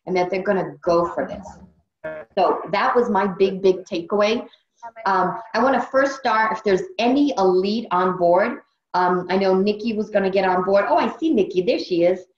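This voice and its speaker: A woman's voice: medium pitch, normal speed. Earnest woman hosting a video call. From Brazil. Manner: earnest, emotional, repeats phrases for emphasis. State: tired. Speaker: training host. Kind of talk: motivational team training on a video call. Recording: dull roomy video call audio.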